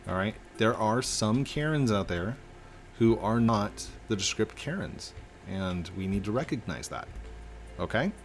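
A man hosting a gaming video, playing along with jokey, excitable commentary and sudden exclamations. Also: fairly low pitch, a little slow. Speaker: gaming channel host.

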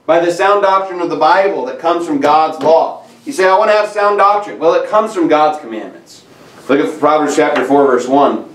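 A man's voice: fairly high pitch, moderate pace, roomy sound, far from the mic, rough recording. A man preaching a sermon as pastor, emphatic and repetitive, reading scripture aloud. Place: church sanctuary.

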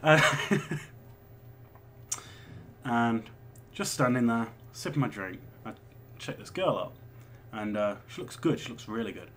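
A man's voice: medium pitch, expressive, a little slow, long pauses, a bit bright. Casual twenty-something male vlogger, mid-range voice, rambling and profane, faint background hiss. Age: 20s. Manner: rambling and chatty, with swearing and laughs. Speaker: vlogger answering viewer questions. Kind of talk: casual chat.

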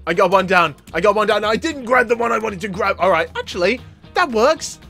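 An excitable man hosting a gaming channel and narrating his own matches. His voice sits high for a man, and it jumps into yells and laughs. Faint music plays under his commentary. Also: a little fast, creaky. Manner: excitable, yelling and laughing at the game. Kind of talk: let's play commentary.

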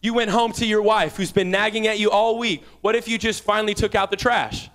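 A young man giving a fervent sermon as a guest preacher, rising to shouts and dropping into quick asides. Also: high voice, fairly even intonation.

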